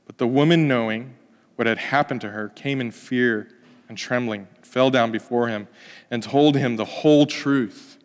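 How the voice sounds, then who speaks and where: A man preaching a sermon as pastor, swinging between loud emphatic passages and soft hushed ones. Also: medium pitch, moderate pace. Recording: long hall reverb.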